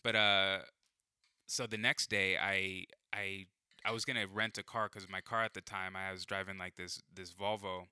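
A man's voice: deep voice, flat delivery, normal speed, sharp tone, clear, resonant tone, dry recording, studio quality. Rambling, foul-mouthed young man telling a story. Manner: rambling, heavy swearing, constant fillers. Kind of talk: casual storytelling.

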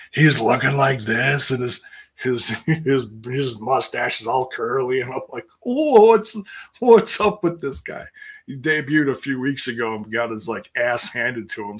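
A man with a husky, bright-edged voice talks through a wrestling recap in a loose, rambling way. He restarts his sentences often and jumps up in pitch when he acts out what people said. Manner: rambling and self-interrupting, acts out quotes in a higher voice. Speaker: wrestling show recap host. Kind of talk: casual wrestling recap chat.

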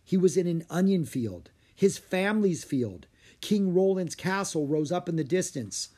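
A man narrating a children's adventure story with an expressive, storyteller's delivery. His voice sits slightly high for a man and swings widely in pitch. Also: normal speed. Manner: expressive reading. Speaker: audiobook narrator.

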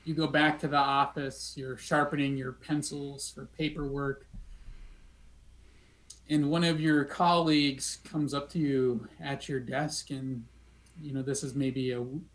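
A man narrating as the game master of a tabletop role-playing game, in a relaxed way with a few fillers. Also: mid-range voice, low-quality recording.

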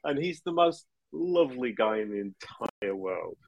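A man's voice: medium pitch, big pitch swings, measured pace, creaky, lo-fi sound. A man as a podcast guest, chatting casually and explaining at length, laughing often and restarting phrases. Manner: explanatory, talks in long runs. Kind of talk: casual interview chat.

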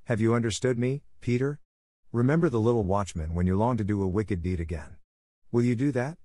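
A gentle, wise old grandmother speaks kindly and patiently, voiced by a man reading a storybook. The voice sits a touch higher than his own low tone, with no room sound at all. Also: a little fast, no room sound, studio quality, close to an everyday voice. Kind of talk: audiobook character voice.

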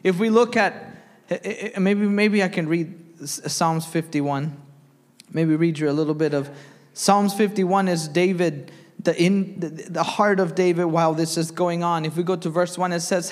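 High-voiced young preacher in a reverberant church. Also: male voice, fairly even intonation, normal speed. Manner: reads scripture aloud, asks the congregation questions. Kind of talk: sermon. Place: church sanctuary.

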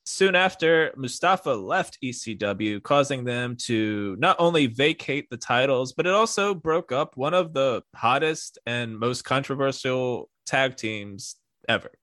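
A podcast host reads a recap aloud, dropping wry asides. His voice sits at an average pitch in a dry, close recording. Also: expressive, measured pace, few pauses, fairly bright tone, no room sound. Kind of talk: reading a wrestling history recap.

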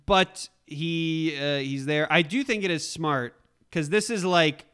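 A man's voice: a little high, unhurried, fairly bright tone, clean tone. A man in a casual movie recap chat, laid-back, with dry remarks and many ums.

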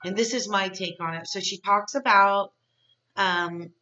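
Gossipy woman recapping, bright voice. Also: mid-range voice, fairly even intonation, measured pace, lo-fi sound, slight background noise. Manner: gossipy, candid, rambling with asides. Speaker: podcast host. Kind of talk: casual recap chat.

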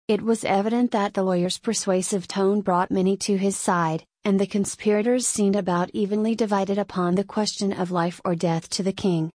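A woman narrating a historical novel in a steady, even reading voice. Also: medium pitch, normal speed, few pauses, no echo. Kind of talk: audiobook reading.

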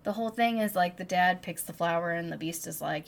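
A woman's voice: fairly low pitch, a little fast, gravelly. A woman co-hosting a casual book podcast, retelling the plot with swearing and dramatic flair. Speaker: podcast co-host. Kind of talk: casual book-club chat.

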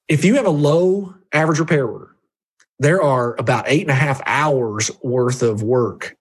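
A man with a very husky, rough-edged voice talks in an emphatic coaching style, his pitch leaping up and down as he drives each point home. His voice sits at a middling pitch. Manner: emphatic, jumpy pitch, direct address to listener. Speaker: guest reviewing a book on sales. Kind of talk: energetic coaching talk.

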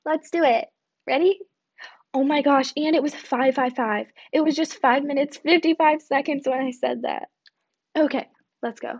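Young woman, podcast host, casual rambling chat, fairly high voice, dull lo-fi home recording. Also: moderate pace. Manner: chatty, rambling, self-deprecating, with fillers.

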